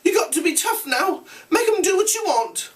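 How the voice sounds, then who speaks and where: A fretful, shrill schoolboy with a squeaky, pleading voice that leaps all over the place, as a man reads him aloud. The sound is a little off-mic, picked up from a short distance. He scolds and frets in high, sharp bursts. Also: animated, moderate pace. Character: anxious shrill plump boy, fussy and scolding.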